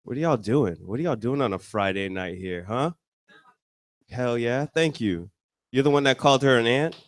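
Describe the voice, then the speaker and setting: A man's voice: mid-range voice, moderate pace. A man doing stand-up at a comedy bar, bantering loosely with the crowd. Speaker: stand-up comic. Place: comedy bar stage with audience.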